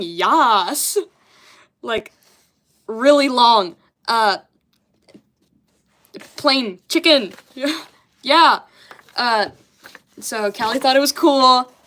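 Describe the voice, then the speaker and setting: A woman's voice: high-pitched, slow, pauses often, a bit bright. A young woman in casual chat, bemused, swearing often and laughing at herself as she goes through old childhood drawings. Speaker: artist reviewing her childhood comics.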